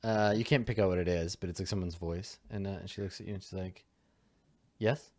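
A man's voice: sits low, steady tone, quick pace, a little mellow. A man narrating as game master of a tabletop game, describing scenes loosely with lots of fillers and restarts.

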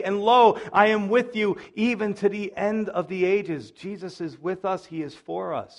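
A man preaches a sermon with a fairly high-pitched voice. He swings between forceful, rising emphasis and quiet, low asides, and keeps drawing his listeners in with repeated calls to listen. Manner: preaching with sudden loud rises and soft drops; repeats "listen" and "you see" to the congregation. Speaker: pastor.

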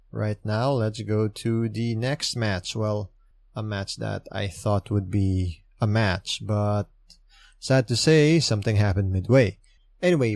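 Slow, chatty man recapping. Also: lowish voice, darkish tone, no echo, clean studio sound. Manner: chatty, enthusiastic fan, frequent asides and fillers. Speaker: podcast host recapping wrestling shows. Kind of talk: casual monologue recap.

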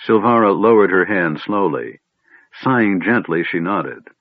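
A man reading an audiobook aloud in an expressive, measured storytelling manner. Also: low voice, no echo. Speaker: audiobook narrator. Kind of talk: scripted audiobook narration. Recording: tinny phone-like band, dry.

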